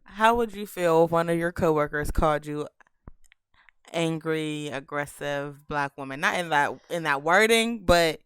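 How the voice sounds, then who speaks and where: A woman's voice: sits low, measured pace, smooth, dry recording. A woman co-hosting a podcast, chatting casually with playful, teasing asides. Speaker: podcast co-host. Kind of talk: casual chat.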